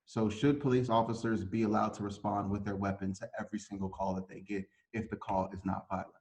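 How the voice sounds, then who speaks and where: A man's voice: lowish voice, flat delivery, fast, a little mellow. A man hosting a panel discussion, who builds a pointed question step by step. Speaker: host.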